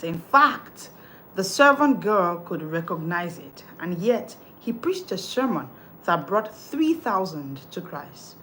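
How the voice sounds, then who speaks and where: An emphatic woman coach delivers a live talk with a preacherly lilt, counting off tips one by one. Her pitch sits in a middle range. A faint hum lies under the voice. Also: fairly bright tone, rough recording. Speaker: confidence coach.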